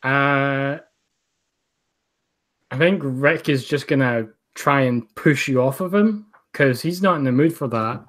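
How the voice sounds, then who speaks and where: A man playing a tabletop role-playing game, speaking hesitantly with many pauses. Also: medium pitch. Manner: hesitant, halting. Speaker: player. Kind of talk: casual tabletop role-play chat.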